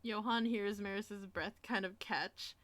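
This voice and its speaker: A woman casually narrating her character in a role-play, quick and giggly with many fillers. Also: mid-range voice, fairly even intonation, a bit bright, dry recording. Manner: fast, giggly, lots of "like" fillers. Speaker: tabletop role-play player.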